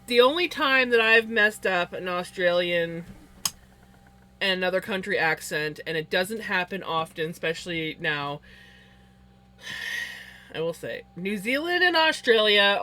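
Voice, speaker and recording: Slow-talking Canadian woman streamer, bright voice. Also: fairly high pitch. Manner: rambling, filler-heavy and laughing often. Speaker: livestreamer. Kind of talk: casual chat while spinning yarn on a live stream.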